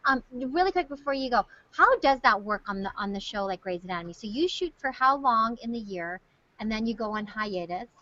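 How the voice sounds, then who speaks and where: A woman hosting a casual video-call hangout, playful and quick to joke, heard through lo-fi call audio. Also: fairly high pitch, lively intonation, pushed and bright, no room sound. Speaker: host.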